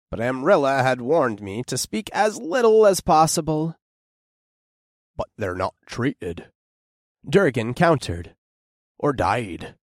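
A man narrating a first-person fantasy audiobook in an expressive, unhurried way. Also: medium pitch, no echo, studio quality.

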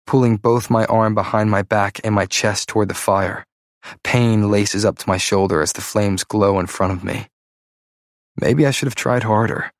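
A man's voice: lowish voice, dry recording, clean studio sound. A man narrating a story in the first person, tense and dramatic. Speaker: audiobook narrator.

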